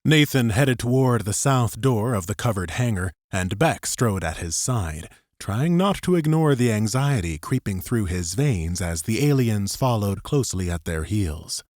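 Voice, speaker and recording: A man narrating a science fiction audiobook in an expressive scripted style, close to the mic. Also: fairly low pitch, unhurried, hardly any pauses, no room sound.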